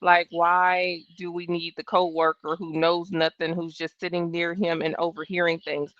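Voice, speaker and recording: A woman's voice: fairly low pitch, level tone, moderate pace, a bit bright, no room sound. A woman in her thirties hosting a live trial-watch stream, giving blunt, sassy, profane casual commentary. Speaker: livestream trial-watch host. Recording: dull, dry home stream audio.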